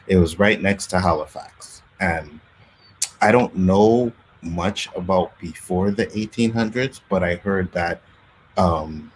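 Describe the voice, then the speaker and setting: A man's voice: low voice, slow, a little hiss or hum, low-quality recording. A Canadian man hosting a casual chat, telling stories animatedly and laughing often. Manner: animated storytelling, acts out quotes, laughs often. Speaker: podcast host.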